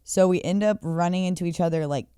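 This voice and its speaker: A woman in her thirties, a guest DJ telling a wild travel story in casual chat, animated, swearing a lot, peppered with "like" and frequent laughter. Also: on the low side, fast talker, clear, resonant tone, no echo, studio quality. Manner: animated, swearing, many "like" fillers, laughing often.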